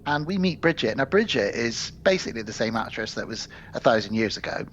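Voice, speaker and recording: A man co-hosts a podcast and rattles through a film plot in animated, swearing casual chat. His pitch sits mid-range, and the recording sounds dull and lo-fi. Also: a little fast, slight background noise. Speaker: podcast co-host.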